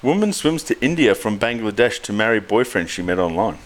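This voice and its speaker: Low-voiced crude man. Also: sing-song, a little fast. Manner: crude, joking, swears a lot. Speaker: podcast co-host. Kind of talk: casual chat, reading joke news.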